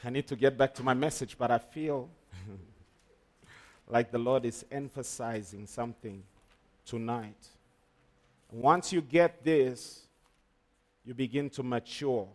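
A man's voice: mid-range voice, slow, long pauses, darkish tone. A man preaching a sermon, emphatic, with call-and-response to the congregation. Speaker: pastor.

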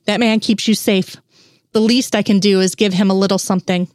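A woman's voice: mid-range voice, steady tone, a little fast, a little mellow, no room sound, clean studio sound, lightly acted. A woman voicing an older, worried mother with a fussy, motherly way of talking. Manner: fussy, motherly, scolding at times.

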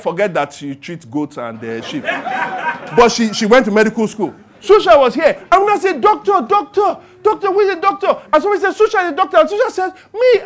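A Nigerian man preaching a sermon in church, emphatic, asking the congregation call-and-response questions. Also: extremely high pitch. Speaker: pastor.

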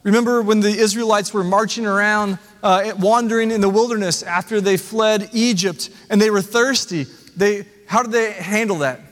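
A man's voice: sits high, fairly even intonation, moderate pace, few pauses, fairly bright tone, in a large hall. A man preaching a sermon as the pastor, earnest and conversational, asking the congregation rhetorical questions. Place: church sanctuary.

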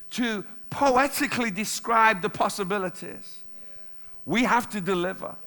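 A man's voice: very high voice, bright, forceful tone. A male pastor preaching a sermon in an emphatic way, repeating key phrases for weight.

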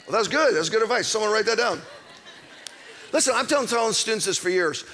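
A middle-aged man preaching in a church auditorium with a high, bright, forward voice. He delivers his sermon in a playful, animated way, dropping to hushed asides and then building to near-shouts. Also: a little fast, a faint crowd, slight background noise. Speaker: pastor.

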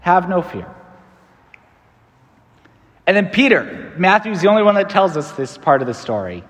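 A male priest delivers a preached meditation in an easy, conversational way, circling back over phrases and leaning on fillers. His voice sits a little high for a man, and long reverb from a large hall trails after his words. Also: very animated, brisk, fairly bright tone. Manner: conversational, repeats phrases, many fillers like "like" and "right".

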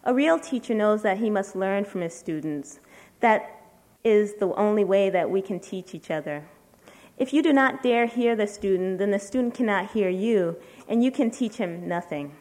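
A woman, a writer at a literary event, reading a letter aloud to an audience in a measured, deliberate way with slow, emphatic pauses. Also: mid-range voice, expressive, darkish tone.

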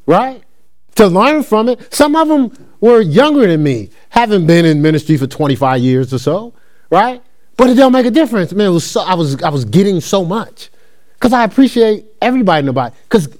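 Animated man preaching with lively pitch. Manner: animated, repetitive, conversational preaching with call-and-response. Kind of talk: sermon.

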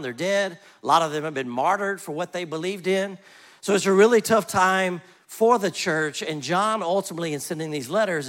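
High-voiced man preaching a sermon. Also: fairly bright tone. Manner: conversational storytelling, slows for emphasis. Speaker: pastor.

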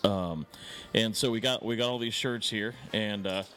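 A man's voice: lowish voice, fairly even intonation, normal speed, fairly bright tone, faint music behind. A man hosting a comedy sketch, talking in an easygoing, somewhat hesitant way and playing the straight man. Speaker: host.

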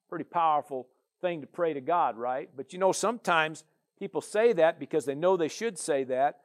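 A man preaching a sermon as a pastor, with a conversational style full of "you know" and "amen". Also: a little high.

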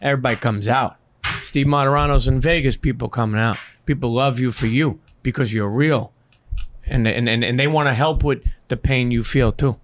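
A man's voice: medium pitch, steady tone, normal speed, slight background noise. A man hosting a podcast interview, earnest and encouraging, who keeps cutting in with "listen". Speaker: podcast host.

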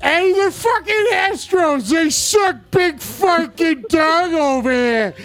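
A man putting on a brash, crude male Philadelphia sports fan with a Philadelphia accent, shouting trash talk. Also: extremely high pitch, slow pace, soft background music, pitched above the performer's own voice, full character voice. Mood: rowdy trash talk.

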